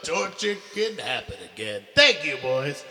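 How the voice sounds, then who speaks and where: A man's voice: on the high side, sing-song, measured pace, bright, forceful tone, exaggerated voice. A man voicing a sardonic male ghost lounge jazz singer who drawls sarcastic crooner patter. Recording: echoey, reverberant hall sound.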